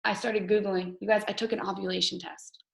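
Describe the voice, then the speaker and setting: A woman's voice: medium pitch, little pitch movement, brisk, vocal fry, echoey room, noisy background. A woman coach hosting a casual team video call, chatty and candid, often laughing as she talks.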